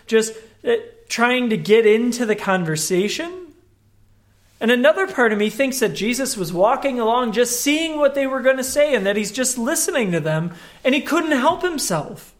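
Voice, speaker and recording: A man's voice: extremely high pitch, fairly bright tone. A man preaching a sermon as a pastor, talking in a conversational but emphatic way and acting out the scripture with animation.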